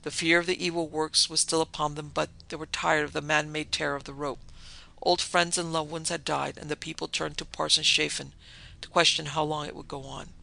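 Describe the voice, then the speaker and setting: A man narrating a dark story in a measured, dramatic way. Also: a little high, flat delivery, creaky, poor audio.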